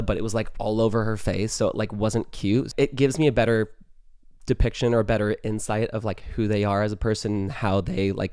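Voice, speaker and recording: A man's voice: lowish voice, a little mellow, clean tone, no echo, clean studio sound. A young man hosting a podcast, giving dating advice in a chatty, casual way, full of "like" and breaking into the odd sweary rant. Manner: chatty, heavy use of "like", swears when ranting. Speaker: podcast host.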